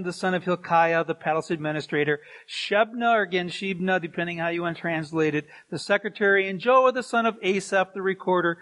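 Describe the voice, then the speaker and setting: A man's voice: high voice, fairly bright tone. A middle-aged man, a pastor, preaching a sermon and telling stories with chuckles and asides.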